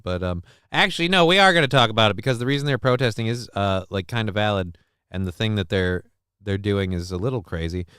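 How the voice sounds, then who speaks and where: A wiped-out, fuzzy man hosts a casual live-streamed talk show, rambling, chatting with viewers, and reading news aloud. His fairly low voice is a bit bright, and the sound is clear, resonant, echo-free, and studio quality.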